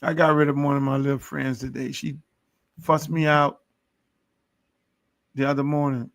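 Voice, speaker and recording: A middle-aged man with a gravel-edged voice that sits a bit high for a man, holding forth on his own podcast. He preaches and brags in a long, profane monologue. The sound is close and dry. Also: little pitch movement, normal speed, dry recording. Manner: preachy, boastful, heavy swearing. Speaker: podcast host.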